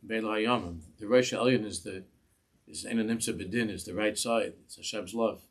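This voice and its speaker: A man who is a rabbi giving a Torah class in a synagogue, speaking passion, often repeating and restarting words and slowing down on quoted phrases. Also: lowish voice, steady tone.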